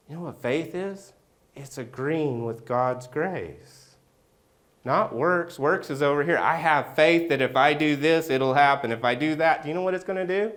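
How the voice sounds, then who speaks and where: A man preaching a sermon as pastor, telling a personal story and acting out the scenes with loud outbursts. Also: fairly high pitch, normal speed. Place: church sanctuary.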